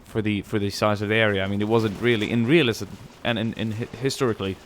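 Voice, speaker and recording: A man's voice: fairly low pitch, fairly even intonation, fast talker, slight background noise. A man giving casual, rambling gameplay commentary, musing aloud and swearing now and then. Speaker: gaming channel host.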